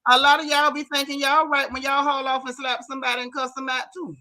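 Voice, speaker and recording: A woman's voice: high-pitched, fast. A woman hosting a gossip stream, chatting casually and animatedly with her viewers. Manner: animated, talks straight to her chat with "y'all", "baby" and "honey". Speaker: host of a gossip talk stream. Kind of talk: casual live-stream chat reading comments.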